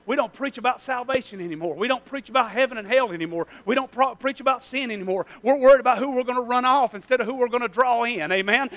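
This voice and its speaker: High, bright-voiced pastor preaching fervently. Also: male voice, fast talker, few pauses. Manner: fervent, repetitive call-and-response preaching, bursts of shouting. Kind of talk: sermon. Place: church.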